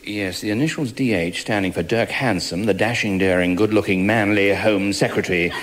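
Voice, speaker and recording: A man narrating a spoof thriller in a 1980s radio comedy sketch, in a pompous, self-flattering manner, on an old noisy broadcast recording. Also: lowish voice, brisk.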